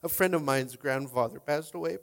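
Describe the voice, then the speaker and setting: A man's voice: medium pitch, a little fast, creaky. A middle-aged man pastor preaching a sermon in a casual, rambling way, full of fillers, tearful and emotional.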